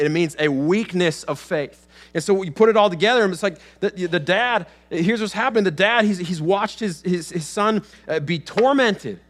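A male pastor delivering a sermon in a church sanctuary. His voice sits a little high for a man, and he talks in an easygoing, conversational way, often restarting phrases and acting out the people in the story. A faint electrical hum runs underneath the recording. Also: fairly bright tone. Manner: conversational with frequent restarts and acted-out quotes.

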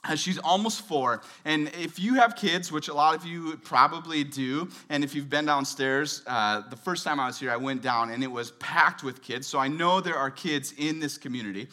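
Bright, high-voiced man preaching casually. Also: moderate pace, hardly any pauses. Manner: relaxed, chatty, with frequent fillers and light humor. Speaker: guest pastor. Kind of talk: conversational sermon. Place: church service.

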